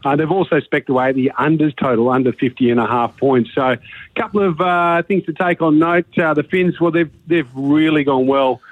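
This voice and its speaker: A man's voice: a little high, moderate pace, dry recording. Breathless man on a phone line. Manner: chatty, rambling with fillers. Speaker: betting markets guest. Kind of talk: phoned-in radio chat.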